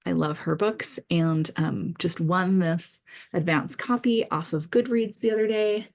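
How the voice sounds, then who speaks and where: A middle-aged woman talks casually and eagerly about the books she means to read, gushing over favorites. Her voice sits somewhat low for a woman. She pauses often with little fillers as she goes. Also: creaky. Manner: enthusiastic, chatty with frequent fillers. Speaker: author vlogger. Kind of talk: casual book-list vlog.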